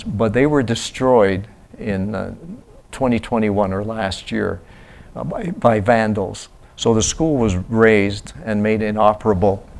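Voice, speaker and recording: A man telling a church about his mission work in a halting, casual way, often restarting his sentences. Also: on the low side, vocal fry. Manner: halting, restarts, acts out quoted voices loudly. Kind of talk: casual slide-show talk.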